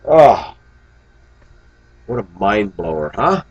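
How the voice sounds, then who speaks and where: A man's voice: lowish voice, expressive, slow pace, a little mellow, highs cut off. A man talking to his viewers in a casual vlog monologue, musing aloud and breaking into exclamations. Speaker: vlogger.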